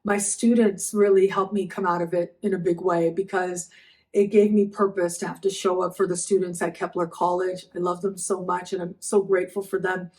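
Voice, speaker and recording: A woman's voice: lowish voice, little pitch movement, darkish tone. Middle-aged woman, astrology vlog host, emotional and grateful, stops and starts, recovering after bed rest. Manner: emotional, grateful, halting with repeated thanks. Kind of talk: heartfelt personal talk to camera.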